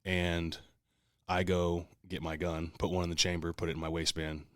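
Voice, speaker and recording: A man's voice: low-pitched, level tone, moderate pace, fairly bright tone, dry recording, studio quality. A man co-hosting a podcast, telling a long story in casual, profane, heated talk. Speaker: podcast co-host.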